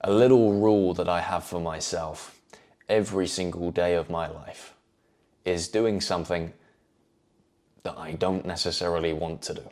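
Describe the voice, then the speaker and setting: A man giving a measured, earnest motivational talk, repeating phrases for emphasis. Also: low voice, fairly even intonation, a little mellow. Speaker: self-improvement video host.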